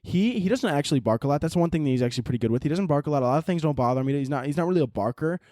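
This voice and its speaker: A young man in his twenties hosts a comedy podcast, launching into a rambling, profane, casual rant while tired from little sleep. His voice is on the high side, expressive and mellow, coming out rapid-fire. The recording is studio quality with no echo.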